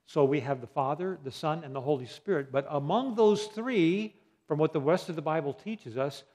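A man teaching a Bible lesson in a slightly high voice. He quizzes his listeners and answers his own questions. He spells out key words letter by letter and pauses often on fillers. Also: darkish tone. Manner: asks the audience questions and answers them.

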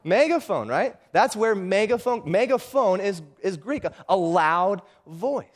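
A middle-aged pastor preaching in a folksy way, often asking his listeners for an amen. His voice sits fairly high for a man. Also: expressive, a little slow. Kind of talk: sermon.

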